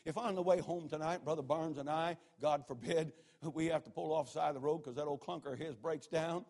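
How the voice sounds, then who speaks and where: A man, his voice sitting a little high for a man. He tells his stories with drama, sinking to a near hush and then rising to a shout. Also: fairly even intonation, brisk, creaky. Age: 60s. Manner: dramatic, swings from hushed to shouting. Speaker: preacher. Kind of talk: sermon with storytelling.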